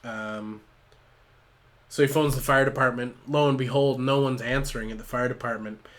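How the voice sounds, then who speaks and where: A man's voice: mid-range voice, steady tone, normal speed, fairly bright tone. A man livestreaming while building with toy bricks, improvising a silly story in a rambling, swearing way, laughing often.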